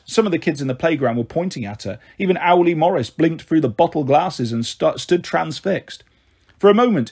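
A man narrating a children's novel aloud with expressive, lively storytelling. His voice is a little high for a man, with a husky, breathy grain. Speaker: audiobook narrator.

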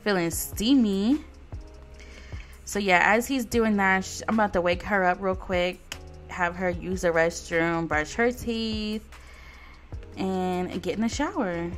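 A woman's voice: medium pitch, takes it slowly, long pauses, faint music behind. A woman casually commentating her life simulation gameplay, sassy and profane, chatting straight to her viewers. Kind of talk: casual let's play commentary.

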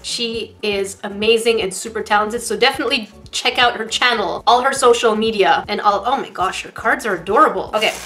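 A young woman chatting excitedly through an unboxing video for her crafting channel, gushing and restarting her sentences. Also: medium pitch, brisk, few pauses. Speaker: crafting YouTuber. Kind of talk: casual unboxing chat.

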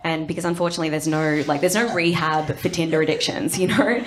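A young Australian woman performing stand-up comedy, chatty and quick to act out lines, tagging jokes with "right?". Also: deep voice, fairly even intonation, slight background noise. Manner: chatty, lots of "right?" tags, acts out lines.

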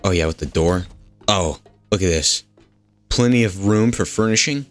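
A man's voice: sits low, normal speed, faint music behind. A man casually narrating his gameplay, joking, rambling and talking back to the characters in the game. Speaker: gaming host. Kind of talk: goofy gameplay commentary.

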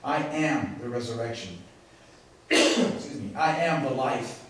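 A man's voice: mid-range voice, animated, fairly bright tone. Preaching man, echoey and distant. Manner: emphatic preaching with dramatic pauses. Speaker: pastor. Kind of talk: sermon. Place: church sanctuary. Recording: echoey, from far off in a large room.

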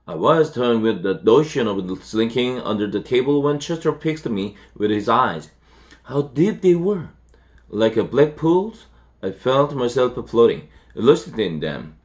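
Man reading a storybook aloud. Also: mid-range voice. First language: Korean. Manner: unhurried, with self-corrections and fillers. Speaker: English teacher. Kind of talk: reading a children's novel aloud.

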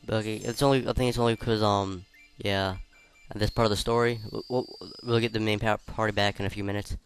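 A man playing a video game and chatting about it in casual commentary, swearing freely and reacting loudly. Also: lowish voice, flat delivery, fairly quick, soft background music. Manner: reads game dialogue aloud in between remarks. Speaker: let's player.

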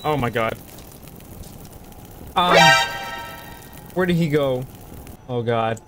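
A young man with a medium-pitched voice talks at a slow pace while playing a horror game for his viewers. He's jumpy and easily scared in this let's play commentary, and loud game music plays under his voice.

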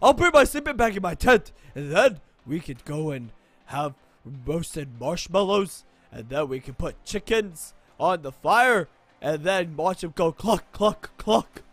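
A woman doing a dopey deep-voiced animatronic bear. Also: lively intonation, no room sound. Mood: eager. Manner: stammering, slow and simple-minded. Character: dim childish male animatronic bear obsessed with chicken.

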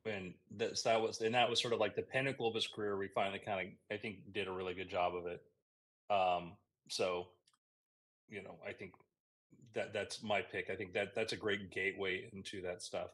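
Bright-voiced man, eager film talk. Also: low-pitched, flat delivery, normal speed, rough recording. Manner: enthusiastic, tangent-prone film buff. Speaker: podcast co-host. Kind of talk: casual chat.

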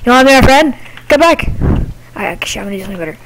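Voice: medium pitch, lively intonation, racing, background noise, natural voice. A gamer voicing a lonely, needy ghost who keeps begging people to be friends, in a whiny, pleading way.

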